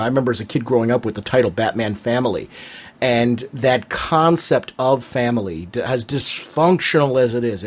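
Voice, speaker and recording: A man co-hosting a comics podcast, talking in casual chat, enthusiastic with hesitant restarts. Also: mid-range voice. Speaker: podcast co-host.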